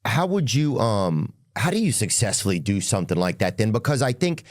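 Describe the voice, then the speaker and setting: A man's voice: fairly low pitch, big pitch swings, fairly quick. A man hosting a casual podcast chat, rambling and restarting his sentences.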